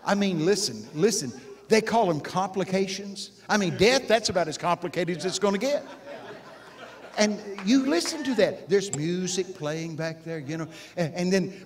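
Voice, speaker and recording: At a live conference session before an audience, a preacher with a fairly high voice delivers a sermon at a moderate pace. Folksy and animated, he drops into hushed asides, then rises to loud exclamations, pulling the crowd in with direct questions.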